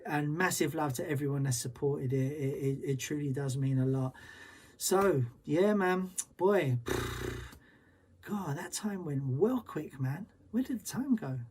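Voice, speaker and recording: A man's voice: a little high, unhurried, darkish tone, husky. A man hosting as a DJ, chatting casually and upbeat, with loose slangy talk. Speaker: DJ and show host. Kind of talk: casual livestream chat.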